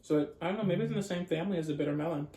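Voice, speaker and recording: A playful mukbang host chats casually between bites, describing each taste in detail and talking straight to the viewers. The voice sits at an ordinary middle pitch. The room around it rings noticeably. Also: racing, dark tone, slight background noise. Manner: playful and chatty, addresses viewers as y'all. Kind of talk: casual chat while eating. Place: home room with dogs nearby. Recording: echoey room.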